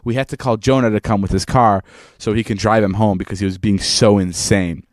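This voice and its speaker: A man's voice: lowish voice, steady tone, brisk, no echo, studio quality. Rambling young man telling a story. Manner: rambling, repeats words, swears freely. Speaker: podcast co-host. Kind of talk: casual storytelling chat.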